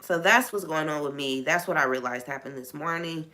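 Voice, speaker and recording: A woman's voice: low-pitched, brisk, sharp tone. A woman hosting a faith talk on a live stream, venting frankly and swearing freely.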